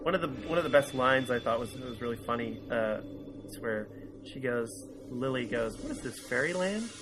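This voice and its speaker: A man's voice: mid-range voice, fairly even intonation, normal speed, background noise. A man co-hosting a casual review podcast, enthusiastically retelling scenes and quoting lines, often laughing. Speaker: podcast co-host.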